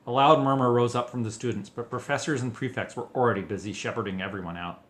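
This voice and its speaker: A man reading a fanfiction story aloud as an expressive storyteller. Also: medium pitch, quick pace. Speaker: fanfiction reader. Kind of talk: audiobook narration.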